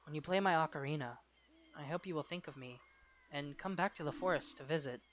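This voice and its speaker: A let's player voicing a kind young forest girl in a game, speaking softly and tenderly. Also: medium pitch, a little fast, a little hiss or hum, lightly acted. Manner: soft, quiet, tender.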